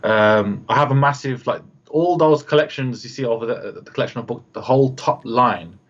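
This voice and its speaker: A man guests on a video call interview, chatting in a medium-pitched voice at a moderate pace through a muffled recording. He works as a radio host and producer and rambles through his stories, acting out the people in them and using plenty of fillers.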